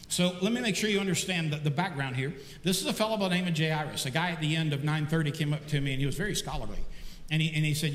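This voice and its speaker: Male pastor with a high voice, lively sermon delivery, in a roomy church hall. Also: quick pace. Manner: animated storytelling with repeated words and restarts. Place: church sanctuary. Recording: echoey church hall reverb.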